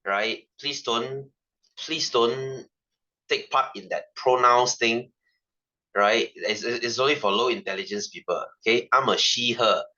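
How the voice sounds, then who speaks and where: A young man with a Malaysian English accent runs a casual science class, chatty and full of jokes. His voice is bright with a forceful edge, and the recording sounds a little muffled and lo-fi. He keeps checking in with the class through quick "right?" asides. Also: medium pitch. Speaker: science tutor. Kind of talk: casual online science lesson.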